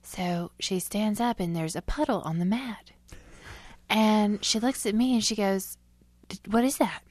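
A woman's voice: medium pitch, measured pace, a little mellow, no room sound. Giggly woman telling a story. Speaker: podcast co-host. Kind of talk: casual chat, storytelling.

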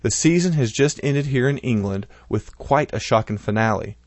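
A man's voice: mid-range voice, lively intonation, normal speed, no echo. A man co-hosting a casual podcast, reading out listener comments and cracking jokes as he goes. His voice sits in a middle range and is recorded dry, with no room sound. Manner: joking, laughs often. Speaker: podcast co-host.

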